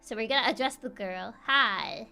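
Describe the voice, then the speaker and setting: Young woman, gaming streamer, bright tense tone, giggly and teasing, stumbles over words. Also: fairly high pitch, moderate pace, clean tone, soft background music. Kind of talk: playful gaming stream commentary.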